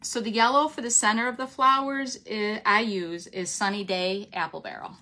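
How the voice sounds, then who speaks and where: A woman's voice: medium pitch, fairly even intonation, moderate pace, sharp tone, slight background noise. A woman with a runny nose, hosting a casual craft livestream, chatting with viewers as she works and laughing often.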